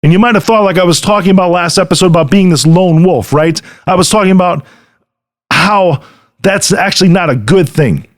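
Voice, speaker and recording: Speaking fairly quickly in a high voice, a middle-aged podcast host offers an earnest motivational talk addressed right to his audience. He often checks in along the way with a quick "right?".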